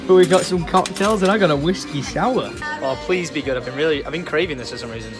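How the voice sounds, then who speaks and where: A man vlogging casually from a hotel restaurant, excitable and jokey, swearing casually. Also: a little high, fast talker. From England. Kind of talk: casual vlog chat. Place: hotel restaurant high up a tower, indoors. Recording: music and crowd chatter behind.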